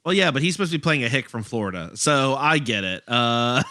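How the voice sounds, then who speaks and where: Lively bright-voiced man co-hosting a podcast. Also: mid-range voice, brisk. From Louisiana. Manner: animated, rambling, laughs often. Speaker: podcast co-host. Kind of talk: casual chat.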